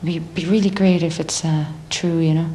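Low-voiced Irish young woman, chatty. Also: moderate pace, a little hiss or hum. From Ireland. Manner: chatty, animated, acts out others' voices in quotes. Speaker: singer in a band. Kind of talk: casual promotional interview.

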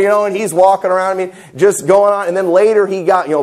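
A fairly high-pitched man, preaching to his congregation in a church. He talks in a loose, conversational way and slips into wry, mocking asides. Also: fast talker, hardly any pauses, darkish tone. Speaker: pastor. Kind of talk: sermon. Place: church sanctuary.

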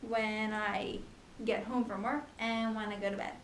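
A young woman in a casual home vlog, talking fast and chattily about her pregnancy, with lots of ums and likes. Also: medium pitch, flat delivery, slight background noise. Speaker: pregnancy vlogger. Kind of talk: casual chat.

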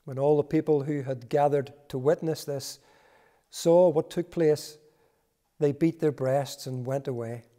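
A man reading a Bible passage aloud in a church service, measured and solemn. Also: a little high, steady tone, dark tone. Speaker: scripture reader.

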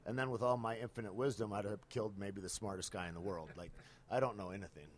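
A man's voice: lowish voice, fairly even intonation, quick pace, slight background noise. A man hosting a podcast in casual chat, laid-back and swearing freely. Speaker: podcast host.

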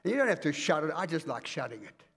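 A man from Africa preaching a fervent, commanding sermon in a church, swinging between loud and hushed. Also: on the high side, very animated, fast, creaky, slightly rough. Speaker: pastor. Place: church auditorium. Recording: reverberant church hall.

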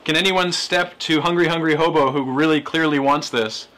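Bright-voiced man hosting an auction. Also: fairly high pitch, fairly even intonation, a little hiss or hum. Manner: brisk, announcing bids. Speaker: charity stream host.

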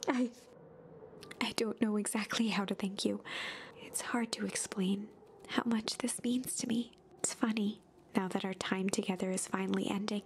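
A woman voicing a gentle, wistful female storybook narrator in a game, in whispered role-play with a soft whisper. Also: medium pitch, slight background noise, close to an everyday voice.

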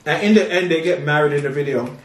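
Chatty, gossipy man with a high voice. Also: quick pace. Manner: chatty, gossipy, calls listeners "girl". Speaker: co-host. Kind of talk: casual chat over a meal. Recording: echoey room, distant mic, faint noise.

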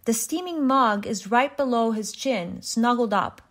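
A woman reading a short story aloud in an even, measured way, with small restarts. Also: a little high. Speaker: reader.

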